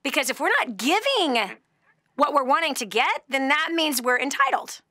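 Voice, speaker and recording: Bright, lively woman radio host. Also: high-pitched, moderate pace, dry recording, clean studio sound. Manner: animated, laughing often, acting out voices. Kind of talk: call-in radio talk.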